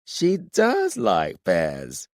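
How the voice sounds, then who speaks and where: Male narrator playing a tipsy young warrior in love, earnest and slow, audiobook. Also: mid-range voice, wildly swooping pitch, a little mellow, no room sound, studio quality, pitched above the performer's own voice. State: drunk.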